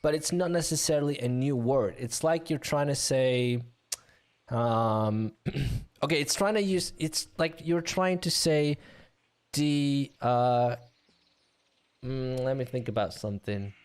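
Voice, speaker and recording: A man commentating an online game league, chatty and bantering with viewers, with a voice getting a bit rough. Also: medium pitch, slow. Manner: chatty, animated, laughs and banters with chat.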